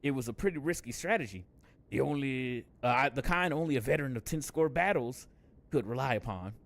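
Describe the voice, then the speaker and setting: A man's voice: mid-range voice, animated, a little fast, gravelly. A man chatting casually on a game live stream, laid-back and jokey, swearing and laughing often.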